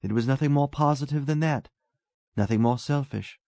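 A man's voice: medium pitch, normal speed, creaky, darkish tone, no room sound, pitched above the performer's own voice, lightly acted. A man reading a story aloud, voicing a talkative, self-absorbed young man who muses earnestly.

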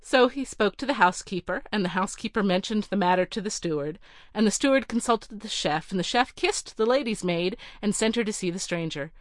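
A woman narrating a storybook in a measured, clear reading. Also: mid-range voice, lively intonation, no echo, studio quality.

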